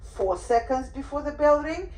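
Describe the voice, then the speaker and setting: Woman dog trainer, fairly high voice, roomy echo, animated. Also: moderate pace. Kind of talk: workshop talk. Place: room on a cruise ship.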